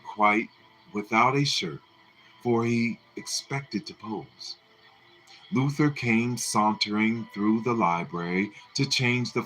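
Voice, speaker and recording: Male narrator, lowish voice, slow and expressive, live book reading. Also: poor audio. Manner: expressive, deliberate storytelling.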